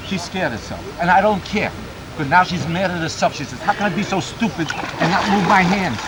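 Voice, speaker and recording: Man coaching a swimmer in a noisy pool. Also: a little high. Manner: brisk, commanding coaching with bursts of encouragement. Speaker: swim instructor. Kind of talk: poolside swim coaching and demonstration. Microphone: camcorder mic. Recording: noisy 1990s camcorder audio.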